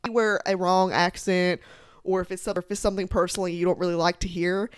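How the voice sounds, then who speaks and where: A young woman chatting casually about books to her followers, animated and full of filler words and laughter. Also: fairly low pitch, fairly quick, clean tone, no echo, studio quality. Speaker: book content creator. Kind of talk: casual chat to camera.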